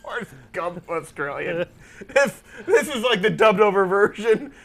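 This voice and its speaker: Male host, high and very animated, casual laughing banter. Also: unhurried, gravelly. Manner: animated, laughing, rambling with restarts. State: tired. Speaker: show host. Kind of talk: casual chat.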